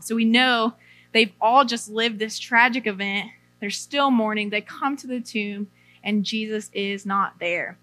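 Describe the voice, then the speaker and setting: Bright, chatty young woman preacher. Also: a little high. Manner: chatty, aside-filled, reads scripture then paraphrases in everyday slang. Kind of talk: casual sermon retelling scripture.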